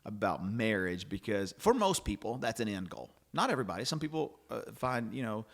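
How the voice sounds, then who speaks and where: A man's voice: fairly low pitch, big pitch swings, a little fast, vocal fry. A middle-aged man hosting a casual faith-based chat, rambling and restarting, acting out quoted lines. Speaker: podcast host.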